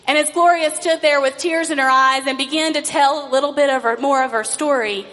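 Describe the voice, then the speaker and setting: Woman pastor preaching, high voice, slow storytelling, long echo like a church hall. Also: fairly even intonation, fairly bright tone. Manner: slow, storytelling cadence with drawn-out phrase endings. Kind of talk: sermon.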